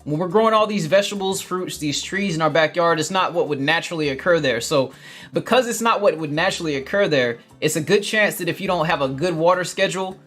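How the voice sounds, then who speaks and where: A man hosting a casual gardening livestream, reading viewer comments with energetic, upbeat chatter, often laughing and calling his viewers family. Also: on the high side, fast talker, faint music behind.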